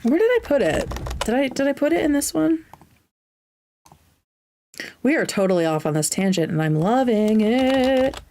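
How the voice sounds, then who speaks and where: A woman's voice: fairly high pitch, very animated, moderate pace, long pauses, warm tone, a little hiss or hum. A woman hosting a casual livestream Q&A at her computer. She reads viewer questions aloud and answers them in a chatty, enthusiastic way that drifts into tangents. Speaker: livestream host.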